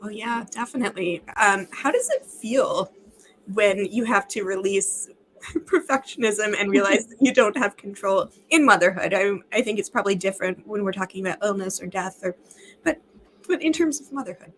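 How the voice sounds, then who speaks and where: A woman hosting an interview, asking gently probing, encouraging questions. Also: medium pitch, normal speed, slight background noise, poor audio. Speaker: interview host. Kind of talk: conversational interview.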